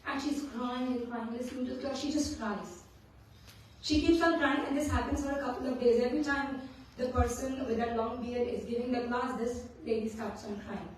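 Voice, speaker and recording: High-voiced woman teaching scripture in an echoey hall. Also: a little hiss or hum. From India. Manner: storytelling, often checks in with "right?". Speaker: scripture class speaker. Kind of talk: devotional scripture class. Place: temple hall. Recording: very echoey hall, mic at a distance.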